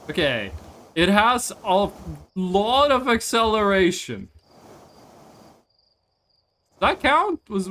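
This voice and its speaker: A man's voice: high voice, fairly bright tone, a little hiss or hum. A man streaming a game live, rambling and swearing casually as he plays. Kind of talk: live gameplay commentary.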